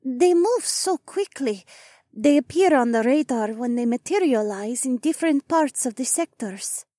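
A solemn alien woman speaking in slow, careful phrases, her pitch raised well above a man's, as a male narrator puts her on. Her grammar is halting and formal. The voice is dry and close-miked. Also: animated, warm tone, no room sound, exaggerated voice. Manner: slow, measured, broken grammar.

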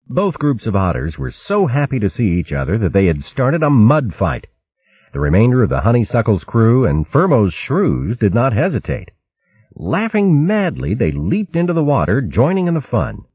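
A man narrates a storybook in a deep voice, with expressive ups and downs. His tone is a little husky and sits close and dry. The sound is slightly muffled. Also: normal speed, no room sound. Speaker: audiobook narrator. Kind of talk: scripted narration.

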